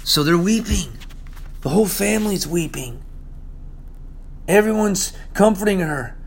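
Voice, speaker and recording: A man preaching a sermon, reading scripture and commenting on it, swinging between loud exclamations and low, hushed asides. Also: lively intonation, unhurried, gravelly, breathy edge. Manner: reads scripture aloud and comments on it.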